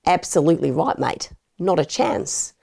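A woman's voice: lowish voice, expressive, normal speed, vocal fry, warm tone, full character voice. A woman voicing a brash, evasive male suspect in a put-on Australian accent, flippant and dismissive. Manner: flippant, brushing off accusations.

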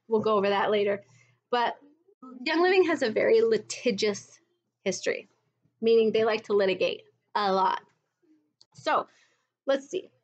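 A woman with a fairly high voice vlogs from home, recounting her MLM experience in a casual commentary video. She sounds blunt and exasperated, adding mocking asides, and the audio is lo-fi.

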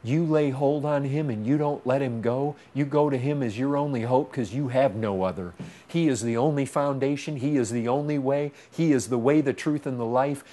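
Male preacher, mid-pitched, impassioned sermon delivery, loud pleas dropping to hushed intensity, repetitive cadence. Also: moderate pace. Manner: repetitive, pleading rhetorical cadence.

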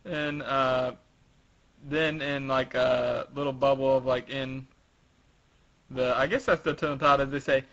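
A man's voice: medium pitch, steady tone, a little slow, pauses often, fairly bright tone, muffled recording. A man hosting a podcast, chatting animatedly as he retells comic pages. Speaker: podcast host. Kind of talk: casual chat, reading a comic aloud.

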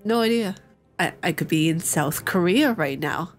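A woman's voice: mid-range voice, lively intonation, moderate pace, faint music behind. A young woman hosting a let's-play, chatting playfully with her viewers as she plays. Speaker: gaming channel host. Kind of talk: casual let's-play commentary.

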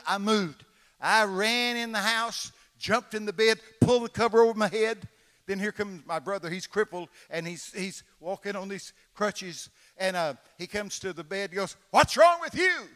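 His voice sits high and a bit bright: an eighty-something preacher with a Texan accent telling stories in a folksy, dramatic sermon and acting out the voices. The long reverb of a large church conference hall surrounds him.

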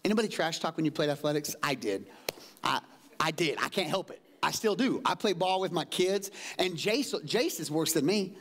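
A middle-aged pastor with a high voice preaches with lively energy. He drops into low asides, then jumps to loud exclamations, and acts out quoted people in changed voices. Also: normal speed. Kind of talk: sermon. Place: church sanctuary.

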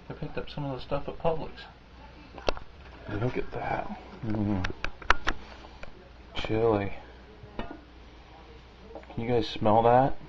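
A man's voice: mid-range voice, highs cut off, slight background noise. Man coaxing his dogs in baby talk. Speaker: dog owner filming his pets. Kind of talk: casual home vlog.

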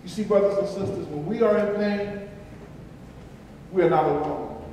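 A man's voice: high voice, normal speed, mellow, a little hiss or hum. A man preaching a sermon as pastor, emphatic and repetitive, in a large church. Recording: echoey church hall from far off.

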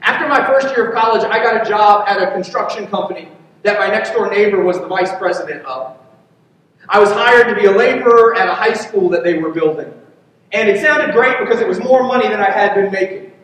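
A pastor with a very high voice tells a story from the pulpit in an earnest, personal way. He sounds distant from the mic, and his words ring through a big hall with a long trailing reverb. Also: fairly quick, a bit bright. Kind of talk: sermon. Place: church sanctuary. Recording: echoey hall from far off.

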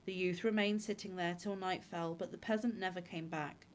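A woman reading old fairy tales aloud in a calm, measured way. Her voice sits on the low side, steady and unhurried. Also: slight background noise. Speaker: storyteller. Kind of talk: fairy-tale read-aloud.

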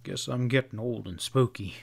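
A man reading an audiobook, voicing a gruff, impatient cowboy who speaks in short, growled lines. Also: medium pitch, moderate pace.

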